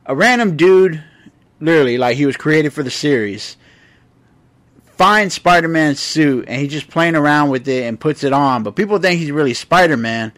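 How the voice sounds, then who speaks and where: This man co-hosts a casual podcast and sums up a comic he read in a laid-back, joking way. He chuckles often and swears now and then. His voice sits a bit above the usual male pitch. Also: expressive, normal speed, a bit bright. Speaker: podcast co-host. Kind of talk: casual chat.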